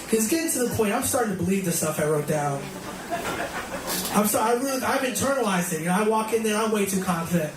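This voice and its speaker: A man with a fairly high voice works through a live stand-up set, rambling and self-deprecating as he chats with the crowd. He is picked up from a distance in an echoey club, with loud room noise all around him. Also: lively intonation, quick pace, hardly any pauses. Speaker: stand-up comedian. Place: comedy club stage. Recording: echoey club audio from far off. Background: loud room ambience and audience.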